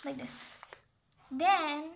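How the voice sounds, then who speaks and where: A woman's voice: high-pitched, drawn-out words, gravelly, a little hiss or hum. A woman explaining a geometry exercise step by step in a casual, rambling way, often stopping to correct herself and apologize. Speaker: math tutorial maker.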